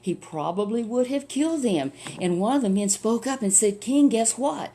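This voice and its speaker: A woman casually retelling a Bible story, chatty and animated, with many rhetorical questions. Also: medium pitch, normal speed.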